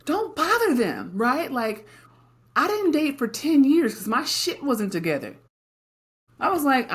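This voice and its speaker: In a high, very animated voice, a middle-aged woman co-hosts a laid-back podcast chat. She talks plainly and with emphasis, constantly checking in with her partner through quick tag questions.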